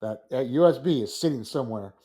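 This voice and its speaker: A man in casual podcast chat, a school librarian telling an animated story and acting out his own reactions. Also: mid-range voice, fairly quick, over a noisy crowd.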